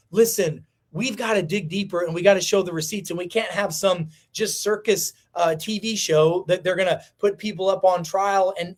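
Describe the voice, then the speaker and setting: Male livestream host, higher register, impassioned and preachy, repetition for emphasis. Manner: fiery, preachy, repeats lines for emphasis.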